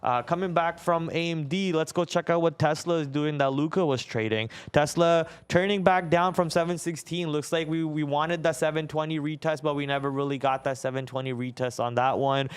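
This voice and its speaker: A man's voice: fairly high pitch, steady tone, brisk, few pauses, clean tone. A man co-hosting a live trading show, giving running commentary on his own trades and often repeating words as he watches the screen. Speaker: day trader co-host. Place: trading floor studio.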